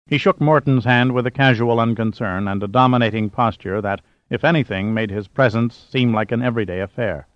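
Guy reading an audiobook, mid pitch, steady pace, muffled dry sound. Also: no echo. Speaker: audiobook narrator. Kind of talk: scripted narration.

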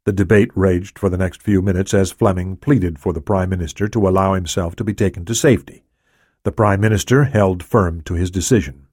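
A man narrating an audiobook in a steady, even reading. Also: deep voice, fairly quick, breathy edge, no echo, studio quality.

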